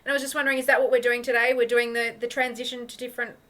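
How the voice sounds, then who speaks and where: A woman playing a bright, eager young student. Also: on the high side, flat delivery, very fast, close to an everyday voice. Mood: apologetic. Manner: rambling, playful. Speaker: improviser. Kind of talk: improvised comedy scene.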